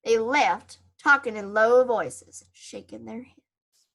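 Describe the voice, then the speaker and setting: A woman reading a children's chapter book aloud in first person, expressive, with casual asides to listeners. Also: on the high side, slow, gravelly. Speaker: storybook reader.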